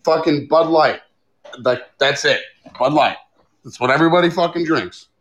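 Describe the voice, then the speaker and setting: A man's voice: a little high, normal speed, fairly bright tone, poor audio. A man co-hosting a casual podcast, ranting with lots of swearing and frequent laughs. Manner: profane, ranting, laughs often. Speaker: podcast co-host.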